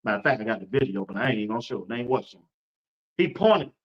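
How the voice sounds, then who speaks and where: A man hosting a casual sports talk stream, animated, repeating his points and imitating crowd noises. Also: medium pitch, very fast. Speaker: sports talk show host. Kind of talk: casual sports commentary to viewers. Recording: dull lo-fi stream audio.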